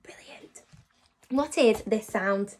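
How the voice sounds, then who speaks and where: Woman, teacher, phonics lesson for kids, slow and very lively delivery, keeps praising. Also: fairly high pitch. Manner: animated and encouraging, praising often; slows down to sound out words. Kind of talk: phonics lesson for young children.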